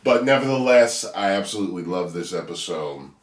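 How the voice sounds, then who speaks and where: Male show reviewer, casual and animated, with a swooping pitch that rises and falls a lot; recorded in a roomy space. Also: a little fast. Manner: animated, laughs often, bursts into whoops. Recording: echoey room.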